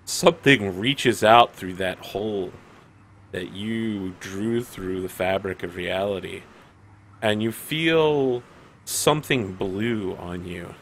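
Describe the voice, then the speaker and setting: Slow, low-voiced male game master. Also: a bit bright, a little hiss or hum, low-quality recording. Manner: dramatic, deliberate narration. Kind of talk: narrating a tabletop game.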